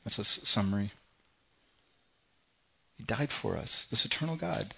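A man preaching a sermon as pastor, swinging from loud, forceful scripture reading to soft, hushed lines. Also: on the low side, animated, a little slow, gravelly, lo-fi sound, a little hiss or hum. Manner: impassioned, rising loud when reading scripture, then dropping soft.

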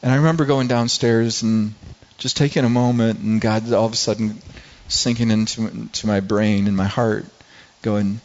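A man's voice: fairly low pitch, moderate pace, darkish tone. A middle-aged man preaching a sermon, telling personal stories earnestly with frequent restarts. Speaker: pastor. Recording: slightly dull lo-fi recording.

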